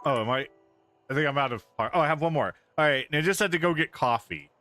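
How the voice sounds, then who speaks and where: A man's voice: a little high, fast talker, sharp tone, faint music behind. A man streaming a video game, giving casual commentary full of dry, sarcastic muttering.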